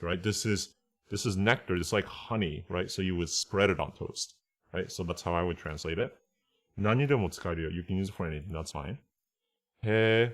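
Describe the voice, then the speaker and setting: A man giving a casual online lesson on translation. He explains step by step, reads Japanese phrases aloud, and keeps checking in with "right?" and "okay?". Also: deep voice. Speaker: translation teacher.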